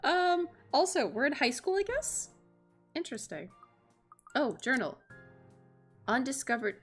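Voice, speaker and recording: A woman's voice: on the high side, sing-song, moderate pace, pauses often, fairly bright tone, faint music behind. A young American woman streaming a game, reading its text aloud with dramatic flair and chatting casually, swearing and laughing along the way.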